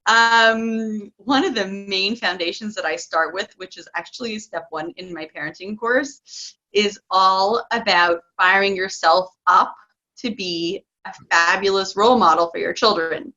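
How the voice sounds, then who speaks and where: A woman coaching parents in a casual interview, chatty and excitable, laughing often. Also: medium pitch, moderate pace, highs cut off.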